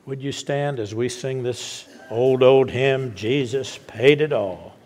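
A man preaches from the pulpit, acting out a story with slow, emphatic words and a mid-range voice. He then drops into a quieter, steady prayer tone. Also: medium pitch. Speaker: pastor.

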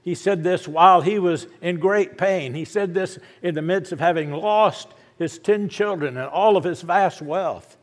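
A man preaching a sermon, repeating lines with rising emphasis and dropping soft and low at the ends of thoughts. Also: a little slow, few pauses. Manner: emphatic repetition, rising to loud declarations. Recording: long hall reverb.

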